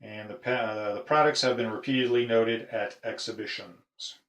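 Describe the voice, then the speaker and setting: A middle-aged man collecting padlocks, talking casually in a show-and-tell video, halting with frequent pauses. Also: lowish voice, steady tone, a bit bright, slight background noise. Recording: echoey room.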